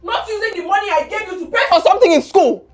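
A woman's voice: extremely high pitch, quick pace, soft background music. An actress with a Nigerian accent playing a stern middle-aged mother who scolds her son with insistent, repeated questions. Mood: scolding. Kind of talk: film drama acting.

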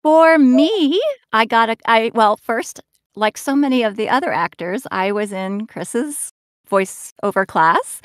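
A woman with a fairly high voice, bubbly and quick to laugh as she chats on a panel. Her voice comes through a dry, close recording with little room sound. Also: animated, clear, resonant tone, dry recording. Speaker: voice actor guest. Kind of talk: casual panel chat.

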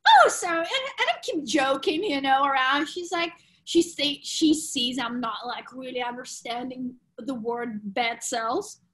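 A woman, a podcast guest frankly telling a personal story in animated, loose English. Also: high-pitched, unhurried, low-quality recording. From Ukraine. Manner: animated, frank, swears casually, non-native grammar.

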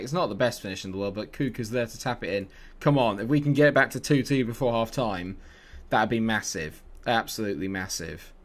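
A man plays a football management game while commentating live with plenty of animation, his voice dropping into low mutters and then rising into excited shouts.

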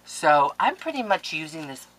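A woman's voice: low-pitched, very animated, normal speed, a bit bright, a little hiss or hum, rough recording. A woman in her forties chatting casually to viewers while opening mail, effusive and emotional, with frequent exclamations. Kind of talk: casual chat. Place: home craft room.

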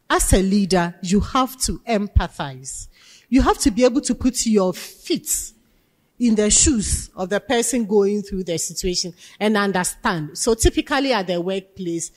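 This is a woman from Ghana leading a leadership class, emphatic as she asks her students questions. Her voice sits in the middle range with a darkish tone, and the lecture hall adds long reverb.

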